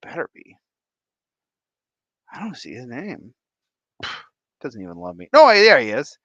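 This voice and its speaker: A man from Michigan hosting a livestream, giving goofy, playful shout-outs to his viewers. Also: medium pitch, huge pitch swings, no echo, dull audio. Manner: playful and goofy, drawn-out silly repetitions. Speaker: livestream host.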